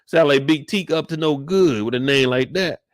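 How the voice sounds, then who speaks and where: A young man, recapping a TV episode alone in loud, slangy, excitable storytelling with acted-out reactions. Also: fairly high pitch, normal speed, dry recording, clean studio sound. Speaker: show recap host. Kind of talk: animated solo recap of a TV episode.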